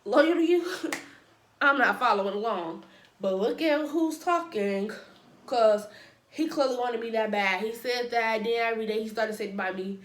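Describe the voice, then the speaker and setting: In a casual storytime vlog, a woman with a fairly high, slightly bright voice shares a personal story at a moderate pace. She adds dramatic asides and playful sound effects, and her voice echoes around a roomy space.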